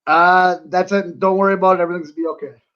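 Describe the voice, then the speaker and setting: A man, a pro wrestler, chatting casually as a podcast guest, laid-back and quick to laugh, with lots of "you know" in his talk. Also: high voice, steady tone, fairly bright tone, highs cut off.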